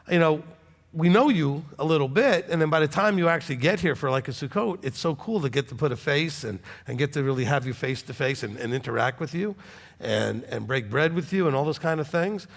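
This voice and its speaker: A man's voice: on the high side, lively intonation, brisk, gravelly. A man, a rabbi, chatting animatedly while answering congregation questions, with many okays. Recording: long hall reverb.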